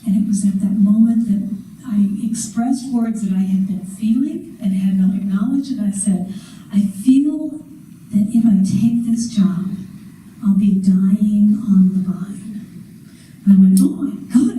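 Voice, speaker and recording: A middle-aged woman, a career coach, giving an animated conference talk and acting out her inner voices. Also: medium pitch, slight background noise. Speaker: career coach and motivational speaker. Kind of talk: conference talk to a live audience. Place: conference room. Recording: echoey hall, voice from a distance.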